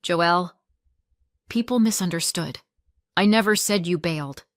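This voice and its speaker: A woman voicing a sugary, defensive sister who turns sharp and snappish, in a plain voice close to her own. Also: fairly low pitch, a little slow, no room sound, natural voice. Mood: evasive. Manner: syrupy, then snapping.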